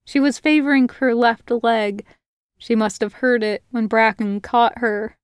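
A woman narrating a fan fiction audiobook in a measured, expressive reading. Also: on the high side, clean tone, dry recording, studio quality. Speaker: podfic reader.

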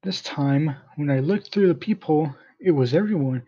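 A man reading a first-person story aloud in a plain, steady manner, in a dull lo-fi recording. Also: on the high side, normal speed, slightly rough.

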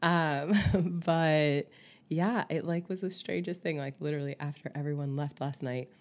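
A woman with a low voice co-hosts a podcast and chats casually. She tells stories in an animated way, full of fillers. Her voice has only just come back after she lost it. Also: measured pace. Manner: chatty, animated storytelling with many fillers. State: voice just recovered from laryngitis. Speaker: podcast co-host. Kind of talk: casual chat.

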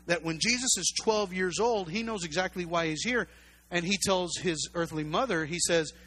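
A pastor preaching a sermon, emphatic and repetitive, full of rhetorical questions. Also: male voice, sits high, sharp tone.

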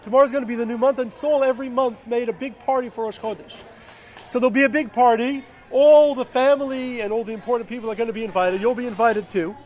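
A man voicing a loyal young prince who reasons calmly with a friend. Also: extremely high pitch, quick pace. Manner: calm, reassuring.

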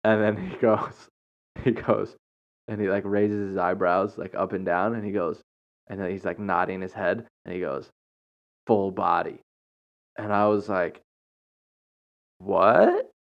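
Rambling low-voiced man on a lo-fi podcast. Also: flat delivery, normal speed. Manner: rambling, with frequent fillers, restarts and chuckles. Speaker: podcast host. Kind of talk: casual storytelling monologue. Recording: dull lo-fi recording.

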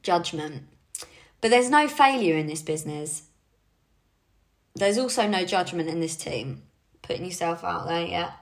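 A woman's voice: fairly low pitch, expressive, a little slow, pauses often. A young woman leading her team in a casual motivational talk, chatty and encouraging, with frequent fillers. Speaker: team leader.

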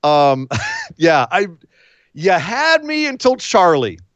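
Animated sarcastic man, lively pitch. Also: slow pace, no room sound. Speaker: podcast host. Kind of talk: casual wrestling podcast chat. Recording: slightly dull lo-fi sound.

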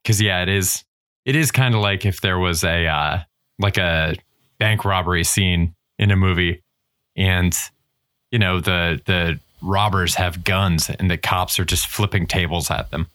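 A man's voice: low-pitched, unhurried, a bit bright. A man co-hosting a podcast in casual chat, blunt and wry, with casual swearing. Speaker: podcast co-host.

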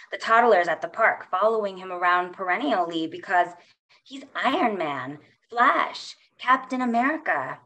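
A middle-aged woman poet gives a poetry reading in a lowish voice. She takes her time over every line, measured and unhurried, with soft pauses between phrases.

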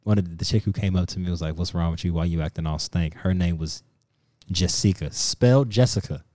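A podcast co-host with a deep voice talks fast, casually telling a profane story and animatedly acting out what people said. There's no echo on the recording.

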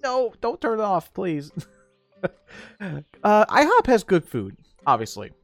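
A man's voice: high voice, wildly swooping pitch, unhurried, dry recording, soft background music. A man hosting a casual solo podcast, rambling and laughing at his own jokes. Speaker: podcast host.

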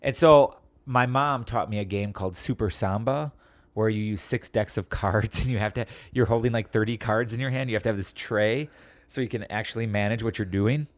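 A man co-hosting a casual podcast, telling an animated story with acted-out quotes, swearing and laughing often. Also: on the low side, a little fast, dry recording. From Wisconsin, USA. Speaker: podcast co-host.

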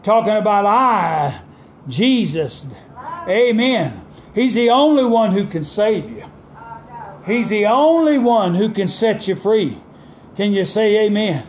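High-voiced fervent male preacher. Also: expressive, a little hiss or hum. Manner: fervent, call-and-response preaching; dramatic pauses and emphatic quoting of scripture. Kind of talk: sermon.

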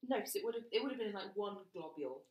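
A woman co-hosting a podcast, telling stories frankly and in an animated way, often laughing. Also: medium pitch, fast talker, roomy sound, dull audio. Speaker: podcast co-host. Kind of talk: casual chat.

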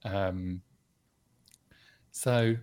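A man chats on a podcast in a fairly low voice, reflective and quick to laugh. He draws out his phrases as he talks. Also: steady tone, a little mellow, clean tone. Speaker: podcast co-host. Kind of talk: casual chat.

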